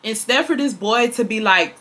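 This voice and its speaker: A woman's voice: fairly high pitch, moderate pace, pushed and bright. A woman in her twenties from Houston, Texas, telling a dramatic storytime to her viewers, swearing freely and calling them y'all. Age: 20s. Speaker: storytime vlogger. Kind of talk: casual storytelling to camera.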